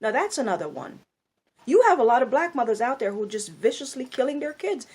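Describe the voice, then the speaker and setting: Angry scolding woman with a lively voice. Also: fairly high pitch, a little fast, slightly rough. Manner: blunt, scolding, rhetorical questions. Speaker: video commentator. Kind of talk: angry monologue.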